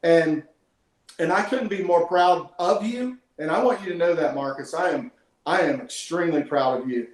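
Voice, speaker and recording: A man's voice: fairly high pitch, moderate pace, echoey room, rough recording. A man hosting a team call, talking in an emotional, earnest way and praising his guest. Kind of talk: heartfelt conversational interview. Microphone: call audio.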